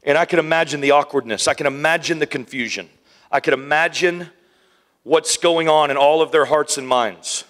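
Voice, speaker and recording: Animated man preaching a sermon. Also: fairly high pitch, moderate pace. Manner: animated, acts out Bible scenes in voices and whispers.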